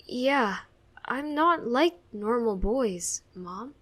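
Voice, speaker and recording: A woman's voice: a little high, expressive, very slow, fairly bright tone, pitched above the performer's own voice, heavily acted. A woman voicing an anxious, emotional young boy who talks in a pleading, tearful way. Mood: timid.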